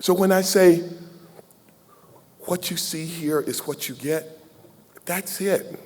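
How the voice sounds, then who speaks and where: Slow and a little mellow, with a slightly high pitch, a Southern US man in his sixties gives a folksy, heartfelt gala keynote. He trades jokes with the crowd and answers questions. The recording carries long hall reverb from a ballroom PA in a big banquet hall.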